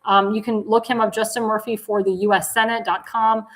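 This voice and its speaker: A woman's voice: mid-range voice, little pitch movement, brisk, low-quality recording. A woman hosting a live political talk show, plugging candidates with enthusiasm, repeating calls to donate and correcting herself mid-sentence.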